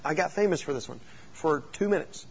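A man, a youth pastor, teaching youth leaders through animated, joking stories and rhetorical questions. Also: fairly high pitch, brisk, vocal fry, husky, highs cut off.

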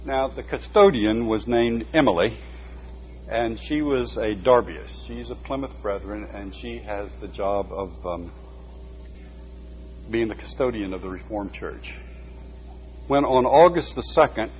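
A man reading a book aloud at a measured pace, stopping now and then for short asides. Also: lowish voice. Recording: dull lo-fi recording with faint hum.

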